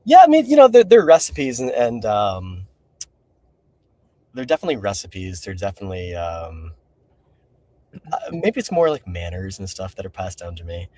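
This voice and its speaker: A man's voice: on the low side, sing-song, normal speed, long pauses, warm tone, no echo, distant mic. A man who is the guest author, talking reflectively and a bit hesitantly in a casual interview. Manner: reflective, hesitant, with many fillers.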